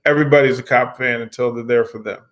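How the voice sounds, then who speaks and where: Man, talk show co-host, casual chat, relaxed, repeats words at starts. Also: medium pitch, quick pace. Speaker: podcast co-host.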